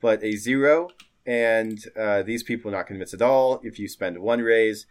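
A man's voice: on the low side, normal speed. A man narrating as game master of a tabletop game in a chatty way, laughing and using lots of fillers.

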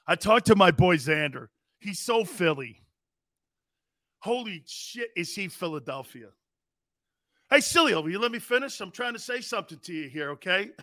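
A middle-aged man hosting a live sports talk show, loud and brash, often shouting and laughing as he reads viewer comments. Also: sits high, very animated, moderate pace, no room sound, clean studio sound.

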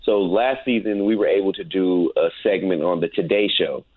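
A laid-back man recounts a story as a guest, peppering his talk with "man." His voice sits fairly low and comes through a tinny, phone-like line with no room sound around it. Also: moderate pace, no room sound. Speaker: guest, paranormal investigator. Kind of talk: casual storytelling interview.

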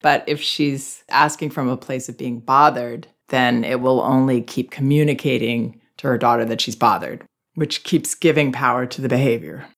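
Woman, parenting advice host, gentle, reflective, podcast monologue. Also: very deep voice, normal speed. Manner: gentle, reflective, acts out child and parent voices.

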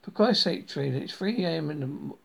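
A man voicing a grumpy, loud middle-aged mother who shouts and swears. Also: fairly high pitch, normal speed, vocal fry, breathy edge. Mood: roaring. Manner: shouting and cross.

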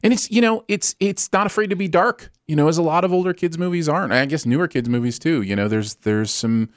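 A man's voice: a little high, fast talker, no room sound, studio quality. A man hosting a casual podcast chat about favourite films, talking enthusiastically. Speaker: podcast host.

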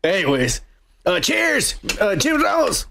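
Gravelly, swearing podcast man. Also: high-pitched, wildly swooping pitch, measured pace, sharp tone, slight background noise. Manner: crude, rambling, swears often. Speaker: podcast co-host. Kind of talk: casual profane chat reading comments.

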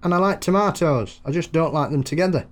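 A man's voice: on the high side, lively intonation, fast talker. Jokey man telling rambling stories. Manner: jokey, rambling anecdotes with laughs. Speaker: podcast co-host. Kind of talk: casual chat.

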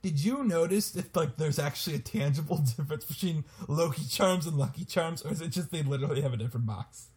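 A man's voice: fairly high pitch, fast, hardly any pauses, a little mellow. A young man co-hosting a podcast in casual chat, joking and laughing often. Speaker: podcast co-host.

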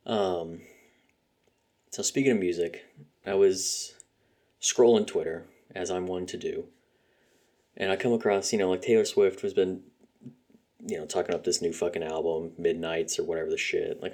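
Low-pitched and a little mellow, a young man's voice carries a rambling podcast chat about music. As host, he swears freely and fills his talk with fillers.

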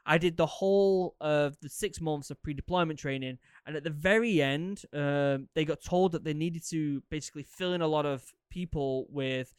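A man in his thirties, a podcast host, telling stories casually in a rambling, animated way with many fillers and repeats. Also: a little high, normal speed, few pauses, clean tone, no room sound, clean studio sound. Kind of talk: casual storytelling, answering listener questions.

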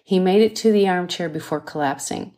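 A woman, the author, reading her own thriller novel aloud in a measured, dramatic way. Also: lowish voice, warm tone. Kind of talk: audiobook narration.

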